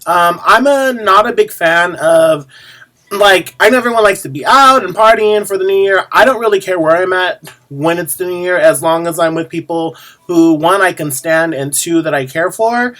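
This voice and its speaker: A man talks straight to camera as a drag performer's video diary, rambling with frequent pauses and restarts. His voice sits a bit high, and he lands his asides with a sassy edge. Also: bright, forceful tone. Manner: rambling, lots of ums and restarts; sassy, chatty. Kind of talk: casual chat to camera.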